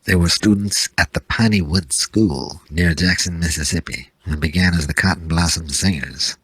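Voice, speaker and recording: Deep husky guy doing dry laconic radio dj bits, close and dead dry. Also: normal speed, a bit bright, no room sound. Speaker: radio show host. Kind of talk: scripted radio DJ patter.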